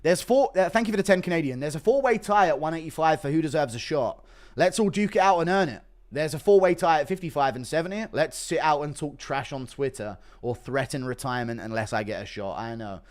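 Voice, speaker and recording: A man's voice: a little high, fairly quick. A man hosting a casual livestream, reading donations, laughing and swearing freely. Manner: profane, laughing, animated. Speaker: livestream host.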